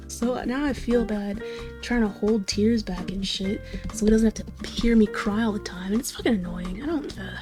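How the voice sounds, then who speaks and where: A woman's voice: medium pitch, moderate pace, over music. A woman in her twenties chatting casually to stream viewers, rambling, swearing freely and mocking herself with frequent laughs. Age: 20s. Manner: rambling, profane and self-mocking, often laughing.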